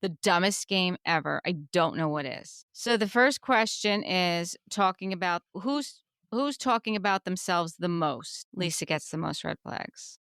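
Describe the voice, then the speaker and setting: A woman's voice: on the low side, lively intonation, a little slow, few pauses, fairly bright tone, smooth, dry recording, studio quality. A woman co-hosting a casual podcast, recapping scenes in a chatty way with emphatic reactions. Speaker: podcast co-host recapping a reality show. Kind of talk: casual chat.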